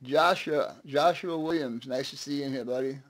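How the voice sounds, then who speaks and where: A man's voice: medium pitch, moderate pace. A man hosting a casual live stream, chatting, laughing often and greeting viewers one by one.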